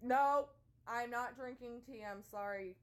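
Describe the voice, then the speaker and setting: A woman's voice: on the high side, measured pace. A young American woman, born in California and raised in Ohio, chatting playfully as a vlog co-host and reading out viewer comments. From USA (born California, raised Ohio). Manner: giggly, animated, playful. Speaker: vlogger co-host.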